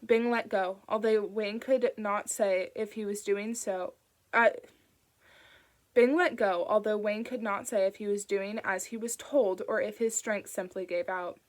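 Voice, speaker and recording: Woman narrator, steady audiobook reading, even delivery. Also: mid-range voice. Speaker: audiobook reader.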